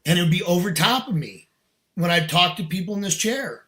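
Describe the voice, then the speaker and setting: A man's voice: high voice, lively intonation, a little fast, sharp tone. A middle-aged man, a podcast guest, telling a personal story in casual, earnest, emphatic talk with slang.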